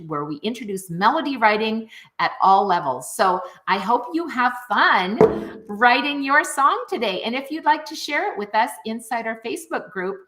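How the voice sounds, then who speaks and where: Upbeat woman music teacher chatting to viewers, bright voice, swings her pitch all over. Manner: upbeat, animated, addresses viewers directly. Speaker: music teacher and program founder. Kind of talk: enthusiastic online teaching video.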